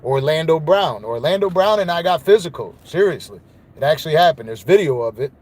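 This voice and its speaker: A man's voice: on the high side, expressive, brisk, a little mellow. A man hosting a podcast, telling a story in a casual, rambling monologue full of swearing and "you know what I mean.". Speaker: podcast host.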